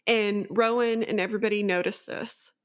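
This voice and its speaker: A woman's voice: mid-range voice, moderate pace, smooth. A woman co-hosting a book chat, retelling a fantasy plot in a long, eager run of events. She leans on "like" and "so" as she goes, in an easy and unscripted way. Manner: animated plot recap, many "like" fillers. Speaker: book podcast co-host. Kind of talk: casual book discussion.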